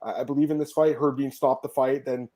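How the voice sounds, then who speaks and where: Fast-talking man with a dark voice. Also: medium pitch, fairly even intonation. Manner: emphatic, blunt, swears freely. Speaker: podcast host. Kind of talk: casual sports podcast chat.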